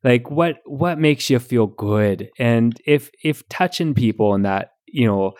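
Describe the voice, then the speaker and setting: A man's voice: medium pitch, lively intonation, a little slow, darkish tone, lightly acted. A man putting on a chatty Midwestern mom advice columnist with a Midwestern accent, giving rambling homey advice on a podcast. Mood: folksy. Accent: Midwestern American, put on. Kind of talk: podcast comedy bit.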